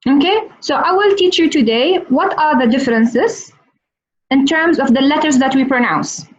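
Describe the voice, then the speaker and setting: A woman teaching on a video call, slowly repeating each word for her students. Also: high voice, highs cut off. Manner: slow, repeats words for learners. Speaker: Arabic teacher. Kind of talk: online language lesson.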